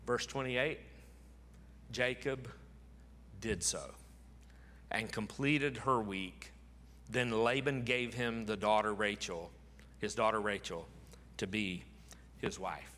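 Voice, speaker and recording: A man's voice: fairly low pitch, steady tone, slow, pauses often, bright, forceful tone, long reverb tail. A man preaching a sermon, reading scripture aloud dramatically and repeating phrases for emphasis. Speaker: pastor.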